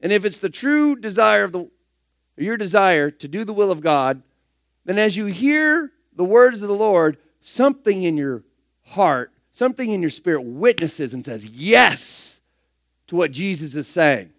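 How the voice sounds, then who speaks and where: High-voiced emphatic male preacher. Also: very animated, a little slow, no echo, studio quality. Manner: emphatic, rhetorical questions, swings between loud and hushed. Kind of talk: sermon.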